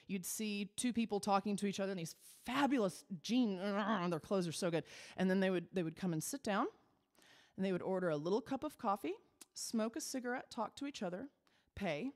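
A woman cabaret performer telling a chatty, animated story on stage. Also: mid-range voice. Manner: chatty, animated, quick asides.

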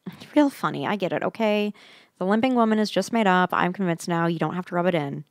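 A woman's voice: lowish voice, quick pace, no echo, studio quality, close to an everyday voice. A woman reading a ghost story aloud, voicing the narrator's frightened young female friend with a raised, urgent delivery. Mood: exasperated.

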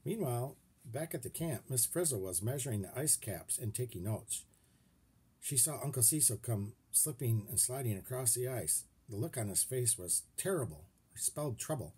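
Mellow, husky man reading aloud. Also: mid-range voice, moderate pace. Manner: expressive, checks in with listeners. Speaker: reader to children. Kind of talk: reading a chapter book aloud.

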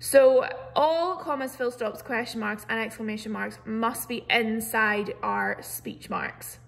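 A woman's voice: a little high, slow pace. A woman teacher, patiently explaining a grammar lesson over a computer mic with many "so"s and "um"s. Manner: clear, patient explaining with frequent "so" and "um". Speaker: primary school teacher. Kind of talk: recorded online grammar lesson.

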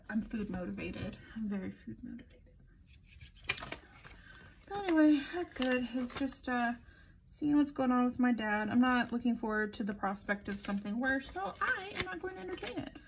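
A middle-aged woman talks her way through a planning session, tired and rambling, joking at her own expense. Her voice sits a little high with a gravelly fry. The audio is slightly dull and lo-fi. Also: slight background noise. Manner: rambling, self-deprecating storyteller. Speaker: planner vlogger. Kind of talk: casual chat while planning.

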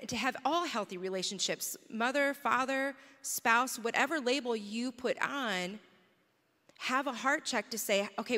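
Female pastor, earnest co-preacher, somewhat high and bright, long church-hall reverb. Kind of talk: conversational sermon. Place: church auditorium.

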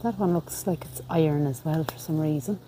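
Outdoors in a graveyard, a woman vlogger gives an unhurried walking-tour commentary, reading headstone inscriptions aloud as she goes. Her voice sits low and sounds warm, with slight background noise.

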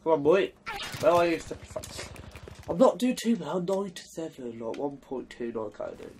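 A man's voice: fairly high pitch, normal speed, a little hiss or hum. Young man commentating gameplay. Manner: swearing, trash-talking, excitable. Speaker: gaming commentator.

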